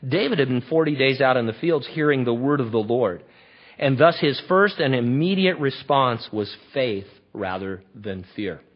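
A man preaching a sermon in an animated, conversational, emphatic way. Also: medium pitch, moderate pace, slightly rough. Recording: dull lo-fi recording.

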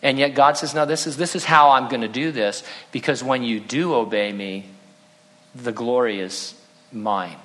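A male pastor delivers an expository sermon at a middle pitch, his voice ringing in the long reverb of a large hall. He walks through scripture verse by verse and slips in dry, sarcastic asides. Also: normal speed, fairly bright tone.

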